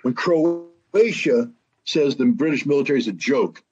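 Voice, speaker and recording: Husky American man in his sixties, emphatic interview guest, dull lo-fi audio. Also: mid-range voice, a little slow, a little mellow, faint music behind. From United States. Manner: emphatic, repeats phrases, acts out quoted speech. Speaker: guest, former weapons inspector and analyst. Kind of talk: forceful political commentary in an interview.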